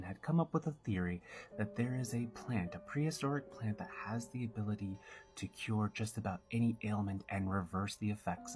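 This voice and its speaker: A man casually telling a horror story, chatty with slang asides and dramatic build-up. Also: lowish voice.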